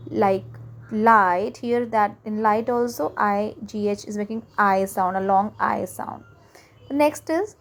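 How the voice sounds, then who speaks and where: Indian english lady going thru phonics sounds step by step, lots of uh's, kinda high-pitched. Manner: explains step by step, repeats example words slowly with hesitant fillers. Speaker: phonics teacher. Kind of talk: online lesson explaining spelling sounds.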